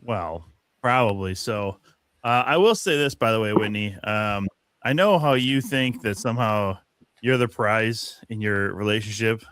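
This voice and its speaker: A man's voice: fairly low pitch, measured pace, fairly bright tone, smooth, no echo. A man co-hosting a podcast, teasing his co-host with dry humor. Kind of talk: casual chat.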